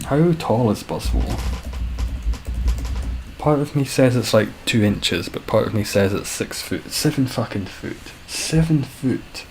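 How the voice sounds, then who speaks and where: A man's voice: lowish voice, lively intonation, a little slow, a little mellow, faint music behind, poor audio. A young man streaming a game, chatting casually with viewers in a rambling, self-deprecating way.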